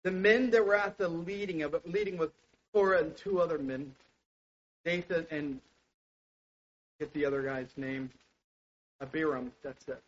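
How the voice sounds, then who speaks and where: A man preaching a sermon with passion, dropping to a hush and then rising to loud exclamations. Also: fairly high pitch, steady tone, normal speed, long pauses. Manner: impassioned, swings from hushed to loud exclamations. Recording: dull lo-fi sound.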